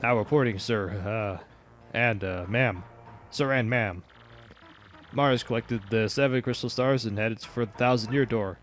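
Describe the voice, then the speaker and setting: A man's voice: mid-range voice, unhurried, soft background music, close to an everyday voice. A man voicing a nervous little winged mushroom soldier making a stiff, flustered report.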